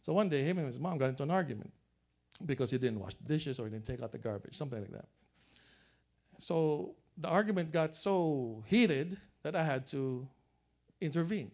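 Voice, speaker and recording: A man's voice: a little high, expressive, moderate pace, darkish tone. A man preaching a sermon as a pastor, telling family stories in a joking, chuckling way. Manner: joking storyteller, chuckles often.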